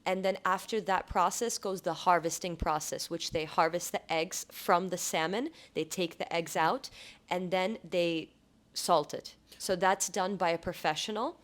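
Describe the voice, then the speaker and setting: Woman, American accent, lower voice, clear explanations, easy laughs. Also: measured pace. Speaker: caviar store worker. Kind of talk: casual conversation.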